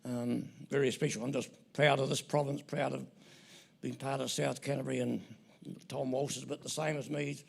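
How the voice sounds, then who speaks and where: A man's voice: mid-range voice, little pitch movement, a little fast, gravelly. An older man in his seventies with a New Zealand accent, giving a rambling, joking acceptance speech full of anecdotes at an awards ceremony. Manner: rambling, joking, self-interrupting. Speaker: award recipient.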